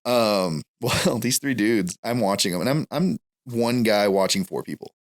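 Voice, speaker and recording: Male podcast guest, low-voiced, rambles through stories and laughs as he goes. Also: expressive, a little slow. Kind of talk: casual storytelling chat.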